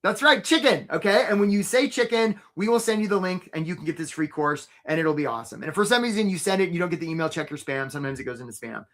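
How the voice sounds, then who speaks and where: Bright-voiced man coaching a live webinar. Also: high voice, animated, fast, hardly any pauses. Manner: casual and upbeat, often asks "right?"; speaks straight to the viewers.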